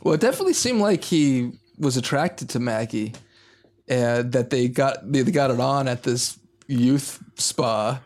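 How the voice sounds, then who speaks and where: A man's voice: medium pitch, animated, a little slow, darkish tone. A man co-hosting a casual podcast, talking hesitantly with many fillers and trailing thoughts. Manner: hesitant, full of filler words. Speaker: podcast co-host.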